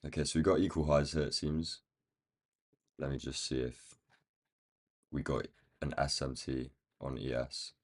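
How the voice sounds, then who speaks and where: A man with a croaky, rough-sounding voice, thinking aloud in casual commentary as he marks up trading charts on a live stream. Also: rumbling low, level tone, measured pace, pauses often. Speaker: day trading livestream host.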